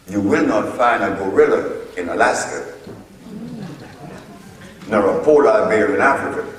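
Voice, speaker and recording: A man giving a storytelling lecture to an audience, slow and deliberate as he recounts his exchanges in court. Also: mid-range voice. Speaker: speaker addressing an audience. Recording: echoey hall, voice from far off.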